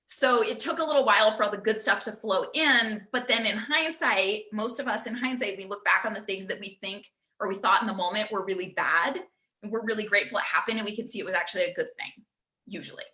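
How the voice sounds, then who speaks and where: A woman guest coach in a conversational interview, telling stories in an animated way. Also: mid-range voice, fast talker. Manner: animated storyteller.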